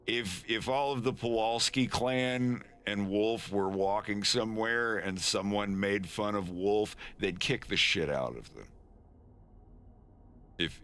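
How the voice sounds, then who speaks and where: Low, slow-talking male streamer. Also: a bit bright. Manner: rambling, stammering restarts, chuckles often. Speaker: animator streaming his work. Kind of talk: casual live-stream chat.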